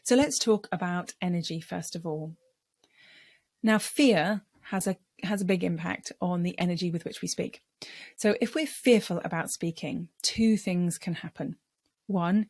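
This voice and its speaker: A middle-aged woman voice coach giving a lesson on speaking, explaining clearly and measuredly. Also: on the low side, moderate pace, a little mellow, no room sound.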